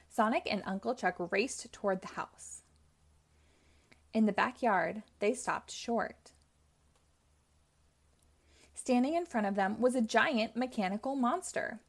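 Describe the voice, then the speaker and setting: Woman reading a kids chapter book out loud, clear and steady, mid pitch voice. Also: unhurried, pauses often. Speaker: storybook reader. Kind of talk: children's read-aloud narration.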